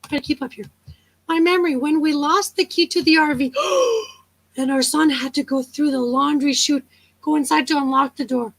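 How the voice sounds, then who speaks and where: A woman's voice: high voice, fairly bright tone, poor audio. A woman hosting a casual live chat, telling stories, chatting with viewers and laughing often. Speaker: livestream host.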